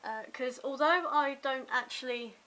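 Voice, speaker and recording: In a rough recording from a compact camera mic, a young Hampshire woman with a slight London twang vlogs her day. Her high voice is pushed and bright at a measured pace as she chats, rambles and mocks herself.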